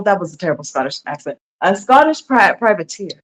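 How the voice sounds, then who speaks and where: A woman comedian sits in as a podcast guest, telling loose stories in a giggly, animated way. She swears casually and keeps the chat light. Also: mid-range voice, a little fast, few pauses, rough recording. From United States.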